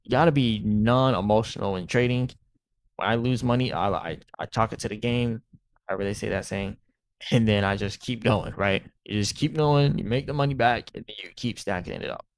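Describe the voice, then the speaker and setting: A man with a lowish, gravelly voice, hosting a crypto channel. He talks in loose, rambling commentary and checks in with "right?" again and again. The sound is dry and close, with no room around it. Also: brisk, no room sound. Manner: rambling, repeats "right?" often. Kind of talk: casual market commentary.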